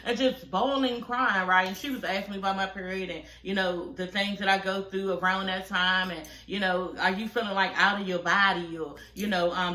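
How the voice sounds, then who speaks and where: A woman's voice: mid-range voice, moderate pace, hardly any pauses, sharp tone, roomy sound. A woman in her forties giving casual reaction commentary, telling a personal story candidly with lots of profanity and asides. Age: 40s. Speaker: reality show commentator.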